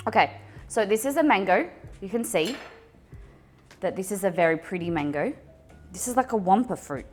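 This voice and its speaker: Lively Australian woman chatting on stream. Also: mid-range voice, moderate pace, soft background music. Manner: chatty, excitable, talks to chat. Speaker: livestream cooking host. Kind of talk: casual livestream chat.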